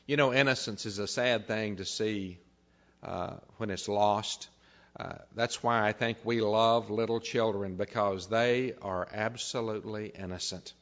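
A man's voice: fairly low pitch, steady tone, a little slow, fairly bright tone. A man preaching a sermon, reading scripture aloud and then building into emphatic preaching. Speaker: pastor. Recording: dull lo-fi recording.

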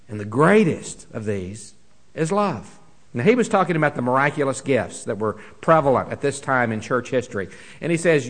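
A man preaching a sermon earnestly, swinging between emphatic lines and hushed ones, often repeating a word as he restarts. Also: mid-range voice, very animated, normal speed. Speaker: pastor.

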